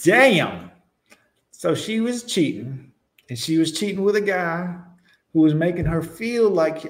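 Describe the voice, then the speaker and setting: A man's voice: high-pitched, sing-song, measured pace. Young man, sarcastic profane reaction commentator. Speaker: commentator reacting to news clips.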